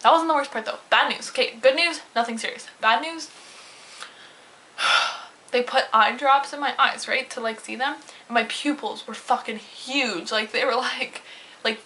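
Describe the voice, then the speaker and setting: A young woman talks straight to camera in a loose, chatty vlog, jumping into little acted-out exchanges as she tells her story. Her voice is bright and pitched a touch high. A faint hiss sits under the recording. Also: moderate pace, poor audio. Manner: chatty, animated retelling with swearing and quoted voices. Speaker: vlogger.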